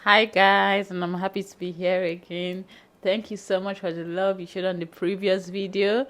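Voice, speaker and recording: A woman's voice: medium pitch, flat delivery, normal speed, fairly bright tone. A young woman from Nigeria, a guest on a vlog, chatting eagerly about her trip and repeating herself. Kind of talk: casual chat.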